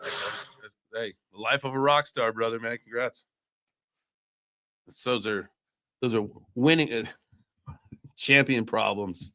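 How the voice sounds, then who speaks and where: A man's voice: mid-range voice, slow pace, long pauses, pushed and bright. A man hosting a casual live-stream chat, hyping up his audience and joking around while swearing freely. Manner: hype, playful, swears casually. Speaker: host.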